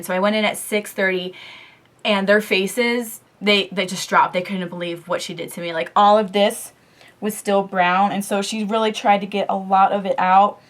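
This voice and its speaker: A young woman casually telling a story in a beauty vlog, chatty and animated, full of "like" and "um", talking straight into a camera mic. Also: mid-range voice, normal speed. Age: young adult. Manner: chatty, lots of "like" and "um"; animated storytelling, quoting others. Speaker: beauty vlogger.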